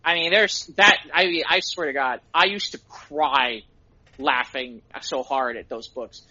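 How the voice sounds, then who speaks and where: A middle-aged man, a podcast co-host, telling excited stories in casual chat and laughing at them himself. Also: mid-range voice, unhurried, muffled recording. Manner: excitable storyteller, laughs at his own stories.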